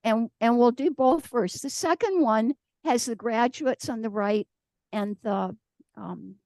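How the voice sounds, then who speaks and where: Woman speaker, slightly high, mellow voice, dry sound, storytelling sermon. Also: unhurried, dry recording. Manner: storytelling, acts out quoted voices. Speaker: guest speaker. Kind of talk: conversational sermon.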